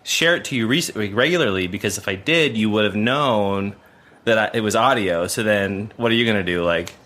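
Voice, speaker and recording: A man producing a podcast chats casually in a lowish, fairly quick voice that sounds pushed and bright. He rambles, using lots of fillers and restarting his sentences.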